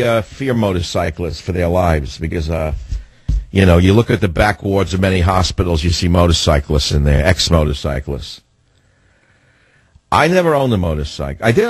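Ranting husky-voiced radio host man. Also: sits low, no echo. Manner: indignant, ranting opinions. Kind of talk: call-in radio talk and monologue.

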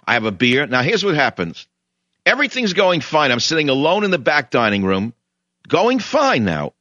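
A man's voice: fairly high pitch, huge pitch swings, moderate pace, sharp tone, no room sound, lo-fi sound. An older man from New York hosting a radio talk show, delivering an indignant, mocking monologue and telling a story with mimicked voices. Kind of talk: ranting monologue.

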